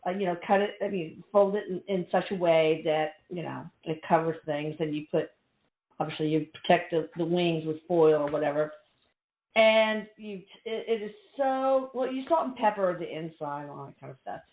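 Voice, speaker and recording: A woman's voice: on the low side, moderate pace. Chatty middle-aged lady host rambling on a tinny echoey line. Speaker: radio show host. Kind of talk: casual chat.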